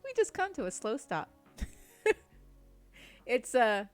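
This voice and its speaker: A woman's voice: mid-range voice, lively intonation, slow pace, long pauses, no room sound, soft background music. A woman co-hosting a livestreamed podcast, chatting casually, laughing often and swearing, with sentences that trail off. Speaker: podcast co-host. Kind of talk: casual chat. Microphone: streaming mic.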